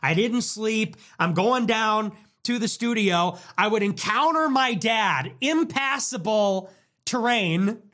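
Young male podcast host, high voice, ironic, profane, meandering solo talk. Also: sharp tone. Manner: profane, ironic and rambling, with mock voices for quoted people. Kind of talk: casual rambling monologue.

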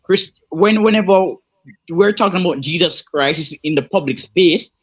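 Earnest guy on a panel, voice kinda high. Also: normal speed, slightly rough. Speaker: panel guest. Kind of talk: panel discussion.

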